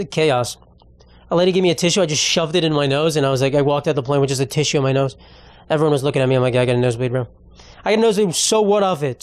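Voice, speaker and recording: A man's voice: fairly high pitch, no echo. A young man hosting a solo comedic podcast, rambling through stories in an offhand, profane way. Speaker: podcast host.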